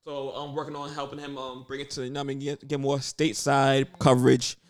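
Laid-back man giving shout-outs. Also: mid-range voice, little pitch movement, quick pace, clean tone. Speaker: podcast co-host. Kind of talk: casual chat.

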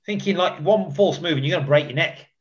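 A man's voice: fairly high pitch, fast, dull audio. A man, a former footballer, telling rambling stories in a casual chat, often repeating himself and filling with "like".

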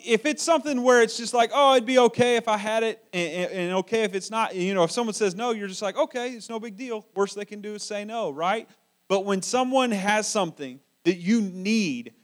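High-voiced man preaching conversationally. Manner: conversational, repeats words while searching for phrasing. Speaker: pastor. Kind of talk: sermon.

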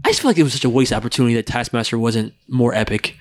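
A man hosting a podcast in casual chat, playful and animated, often laughing. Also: medium pitch, racing. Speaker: podcast host.

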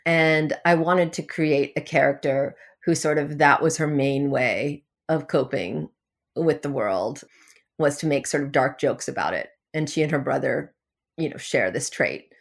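A woman novelist answers questions about her writing in an easy, conversational way. Her voice sits low, and she keeps a wry, self-deprecating humor with frequent small laughs. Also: animated, unhurried, gravelly. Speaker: novelist guest. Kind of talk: casual interview answers.

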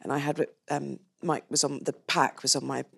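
A woman's voice: sits low, level tone, normal speed, creaky, fairly bright tone, husky. A woman guest on a live stage panel, telling a candid anecdote. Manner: storytelling, candid.

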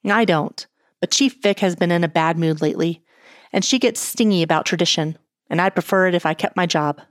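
A stiff, irritable older detective who snaps curtly, as a woman reads him in a low voice. The storybook reading sounds dry and close. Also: brisk, no room sound, lightly acted. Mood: stern. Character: stern grumpy older male detective.

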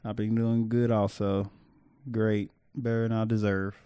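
A man's voice: on the low side, flat delivery, measured pace, mellow, clear, resonant tone, dry recording. A young man co-hosting a podcast in casual chat, playful and teasing, talking in loose restarts. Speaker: podcast co-host.

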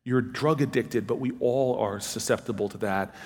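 Male storyteller, mid pitch, animated, plays every part in his anecdote, big reverberant hall. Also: normal speed. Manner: animated anecdotal storytelling, acting out both sides of dialogue. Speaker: author and former city politician. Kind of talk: storytelling talk.

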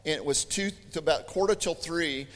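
A man preaching a sermon, telling stories in an animated, chatty way with joking asides. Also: on the high side, a little fast. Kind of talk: storytelling sermon. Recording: long hall reverb.

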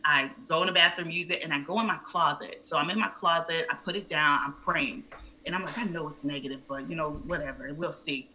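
Woman in her 30s, super bright tense voice, chatty guest, acts out all the quotes. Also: low voice, brisk, slight background noise, rough recording. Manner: animated, acts out quoted speech. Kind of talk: casual interview storytelling.

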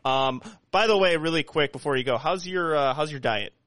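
A man's voice: on the high side, a little fast, fairly bright tone, no room sound. A man with a nasal voice hosting a casual podcast chat, rambling and joking with many restarts. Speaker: podcast host.

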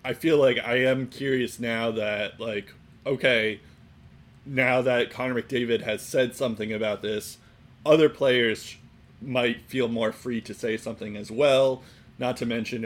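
A man co-hosting a casual sports chat, rambling and filling every pause with "like" and "um". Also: medium pitch. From Boston area. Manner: rambling, heavy on fillers like "like" and "um". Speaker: sports podcast co-host.

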